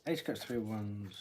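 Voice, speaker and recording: A man giving a live-stream tarot reading, thinking aloud as he draws cards and often clearing his throat. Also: lowish voice, noisy background. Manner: musing aloud while drawing cards, frequent throat-clearing. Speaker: tarot reader.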